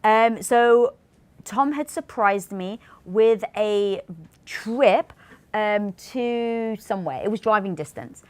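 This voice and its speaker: A British woman in her forties, co-hosting a casual livestream and telling a story with lively acted-out quotes. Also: takes it slowly. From Britain. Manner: animated storytelling, acts out quotes with big pitch jumps. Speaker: co-host.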